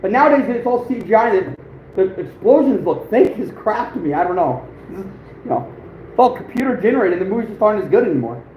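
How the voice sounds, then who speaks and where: Casual livestream host, man, 30s, high-pitched, rambling and chuckly, echoey room. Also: big pitch swings, fast. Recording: phone-like echoey room with faint noise.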